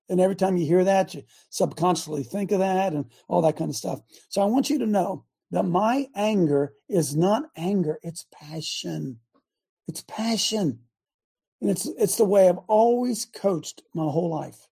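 An older man hosting a talk show, a former football coach who talks loud and emphatic and repeats himself for emphasis. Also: high-pitched, creaky, breathy edge. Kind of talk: impassioned talk show monologue.

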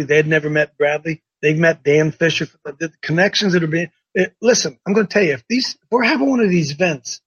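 A male host who rambles in a folksy, easygoing way and keeps cutting himself off. His voice sits a little high for a man and sounds close and dry. The recording is dull and lo-fi. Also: a bit bright, dry recording. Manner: rambling, folksy, self-interrupting. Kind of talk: casual livestream chat.

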